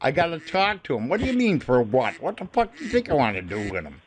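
A man's voice: on the high side, huge pitch swings, quick pace, background noise. A man making prank phone calls to scammers, taunting and cursing at them. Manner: taunting, profane, mocking. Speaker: scambaiter prank caller.

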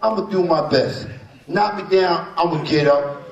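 A man's voice: a little high, moderate pace, muffled recording. An older man from New Jersey, a boxer at a press conference, talking in a rambling, boastful, playful way. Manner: rambling, boastful, playful, leans on "you know what I'm saying". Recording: echoey room from far off.

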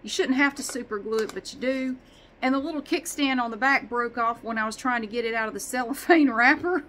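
A woman vlogger rambles in casual chat, swearing lightly and poking fun at herself. Her voice is bright and forward, with a faint hiss of noise in the background. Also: on the high side, fairly quick, poor audio.

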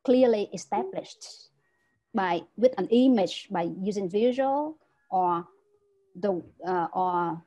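A woman's voice: medium pitch, animated, slow, mellow, rough recording. A woman giving an online lecture as a teacher trainer over a video call, explaining step by step and often checking understanding with "right?".

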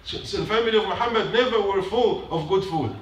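A man's voice: sits high, fairly quick, slight background noise. A man giving a short sermon in a mosque, emphatic, repeating his points and putting questions to the congregation. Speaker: mosque speaker. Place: mosque prayer hall. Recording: echoey hall from a distance.

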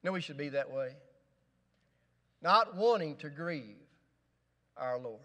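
A man's voice: fairly high pitch, expressive, takes it slowly, fairly bright tone, big-room sound. A male pastor preaching a sermon in a church, with rising emphasis and rhetorical questions. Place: church sanctuary.

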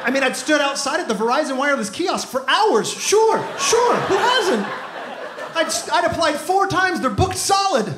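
Performing stand-up in a club, this thirty-something man speaks in a very high pitch with lively intonation, moving briskly with few pauses. He tells exasperated, punchy stories into a handheld mic, and the echoey space carries background noise and audience laughter.

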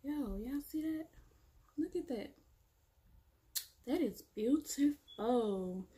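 A woman with kids doing a casual, chatty product review, excitedly addressing viewers as y'all. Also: sits high, takes it slowly. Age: adult, has kids. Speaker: beauty vlogger.

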